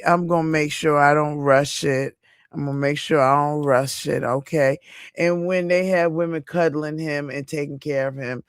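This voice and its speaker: A woman's voice: fairly low pitch, no room sound. A woman chats through a casual live stream, reading viewer comments aloud and answering them by name. She takes her time, leaning on her points and repeating them for emphasis. The recording is close and dry, with no room sound. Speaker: livestream host reading viewer chat.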